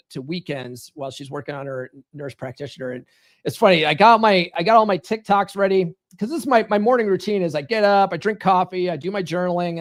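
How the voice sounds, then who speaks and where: A man hosting a live podcast as a dating coach, chatting casually, reading viewer comments and swearing freely as he rambles through stories. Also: on the high side. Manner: profane, rambling, animated storytelling. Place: home studio.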